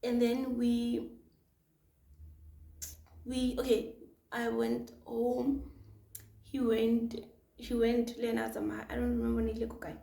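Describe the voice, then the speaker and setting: A young woman, telling a personal story in a chatty, expressive vlog full of fillers. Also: fairly high pitch, measured pace, vocal fry, pauses often, far from the mic. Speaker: vlogger. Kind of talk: casual storytime chat. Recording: echoey room, voice off-mic.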